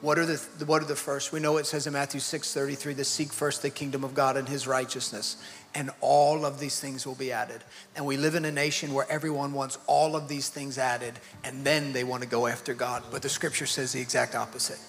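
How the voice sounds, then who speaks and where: A man hosting a church leadership panel, relaxed and joking, then turning earnest as he exhorts. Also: medium pitch, fairly quick. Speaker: pastor and panel host. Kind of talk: conversational panel talk. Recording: faintly noisy hall reverb.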